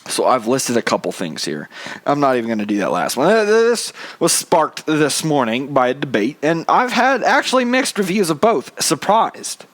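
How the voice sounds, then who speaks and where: A man's voice: on the high side, animated, normal speed, a bit bright. A young man hosting his own show, talking in a loose, rambling monologue full of casual swearing and self-mocking asides. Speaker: podcast host.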